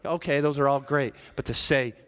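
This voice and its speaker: Conversational pastor preaching, hushed to emphatic. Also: male voice, mid-range voice, normal speed, clear, resonant tone. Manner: conversational, swings from hushed near-whispers to raised emphatic preaching. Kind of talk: sermon.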